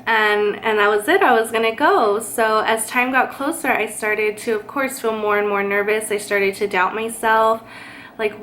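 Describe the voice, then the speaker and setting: A woman's voice: a little high, steady tone, normal speed, a bit bright. Chatty young woman, light hiss. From California. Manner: chatty, lots of fillers and likes. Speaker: vlogger. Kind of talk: casual storytime.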